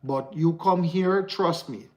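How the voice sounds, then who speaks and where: A man's voice: a little high, slow. A man with a Jamaican accent chatting casually to viewers on his livestream, rambling and slipping into patois. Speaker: livestream host. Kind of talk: casual live chat to viewers.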